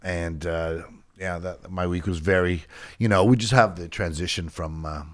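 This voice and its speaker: Male comedian co-host, deep voice, easygoing, trailing delivery. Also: fairly even intonation, moderate pace. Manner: laid-back, trailing off, chuckling. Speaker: podcast co-host and stand-up comedian. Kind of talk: casual podcast chat.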